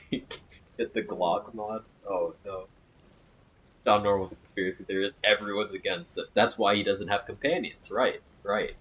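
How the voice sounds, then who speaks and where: A man's voice: fairly low pitch, fairly even intonation, measured pace, fairly bright tone, slightly rough, rough recording. A man streaming a game, chatting casually and joking while reading viewer comments aloud. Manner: jokey, riffing and reading chat aloud. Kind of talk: casual chat with live chat.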